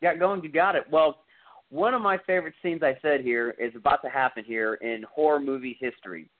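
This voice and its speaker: A man with a slightly high, brisk voice hosts a podcast, retelling a film scene in a casual, rambling, enthusiastic way packed with fillers. The recording sounds tinny, like a phone.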